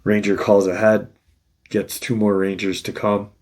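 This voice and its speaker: A man's voice: lowish voice, flat delivery, a little slow, a little mellow. A man host casually retelling an encounter story in a loose, rambling way, full of restarts and "you know".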